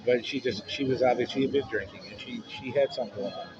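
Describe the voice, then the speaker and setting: Music plays in the background while a man with a mid-range voice rattles off a personal story at speed. He's a vlogger, blunt and casual, cursing freely, and the audio is muffled with noisy street sound.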